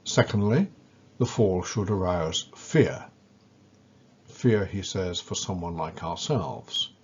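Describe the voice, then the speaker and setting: In a scripted educational lecture, a man speaks unhurriedly with a very low, slightly husky voice, carefully and with measured weight, putting stress on important words. The audio comes across somewhat dull and lo-fi.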